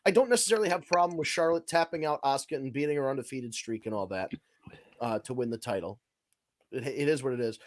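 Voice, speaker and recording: A man's voice: medium pitch, fast talker, slight background noise. A man hosting a wrestling podcast in casual chat, rambling and swearing as he rants. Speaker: podcast host.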